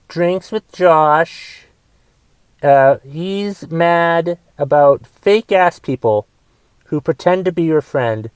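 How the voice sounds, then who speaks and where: Comic host, young man, slightly high voice, foul-mouthed rants that flare loud then drop to mutters, dry close sound. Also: no echo. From United States. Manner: profane, swings between shouting rants and mumbled asides. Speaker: podcast host and stand-up comedian. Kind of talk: comedic solo podcast rant.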